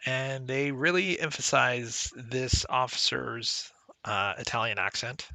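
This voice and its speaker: A man's voice: mid-range voice, slow pace, vocal fry, sharp tone, dry recording. A man giving casual, conversational commentary while playing a retro adventure game, explaining its mechanics as he goes. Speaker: let's play commentator.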